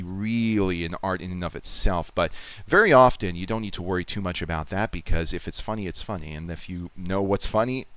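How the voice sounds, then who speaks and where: Deep-voiced man rambling through a live edit. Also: a bit bright, clean tone, no echo. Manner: rambling, explanatory, thinking aloud with restarts. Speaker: YouTube Poop editor streaming. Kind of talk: casual live-stream commentary, teaching.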